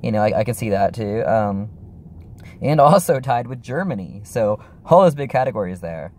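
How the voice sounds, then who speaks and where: A man's voice: fairly low pitch, lively intonation, moderate pace, darkish tone. A young man chatting casually in a vlog, rambling and apologetic, with lots of fillers and restarts. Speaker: YouTuber.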